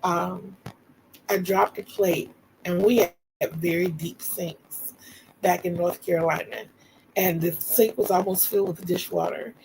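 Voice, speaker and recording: A middle-aged woman hosts a livestream, telling personal stories in a warm, chatty way, laughing often and calling her viewers "y'all." Her lowish voice is steady, unhurried and creaky. The audio is poor, with a little hiss or hum.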